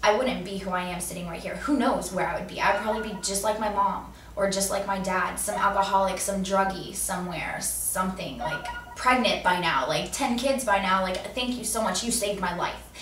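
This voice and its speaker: A woman's voice: mid-range voice, moderate pace, few pauses, fairly bright tone. Earnest young woman, roomy distant recording. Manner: earnest and heartfelt. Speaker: vlogger host. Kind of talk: personal video message. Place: seated indoors. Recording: roomy echo, distant mic, faint room noise.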